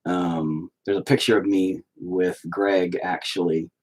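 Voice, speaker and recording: A man's voice: low voice, little pitch movement, unhurried. A man hosting a live stream, chatting casually and rambling, with heavy swearing. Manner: profane, rambling.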